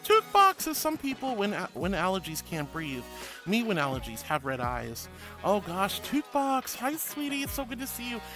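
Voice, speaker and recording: With music playing in the background, a Florida man streaming as a VTuber reads out viewer messages and chats in a gushing, affectionate way, calling people sweetie. His voice sits high, swoops wildly in pitch, and moves at normal speed.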